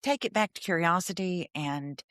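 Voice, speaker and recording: A woman therapist guesting on a podcast, explaining ideas in an animated way, laughing often and acting out inner thoughts. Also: fairly low pitch, normal speed, dry recording, clean studio sound.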